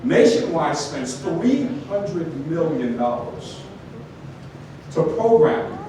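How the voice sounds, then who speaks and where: A man giving a motivational talk to an audience, telling stories with animated asides. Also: fairly high pitch, slow pace. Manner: storytelling, animated, many asides like "right?". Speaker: motivational speaker. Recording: echoey hall from far off, noisy.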